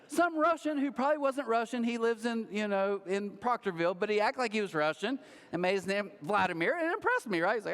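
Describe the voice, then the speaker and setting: A man's voice: high-pitched, very animated, a little fast, a bit bright, in a large hall. A man preaching a sermon as pastor, telling a story in a joking, self-mocking way. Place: large church auditorium.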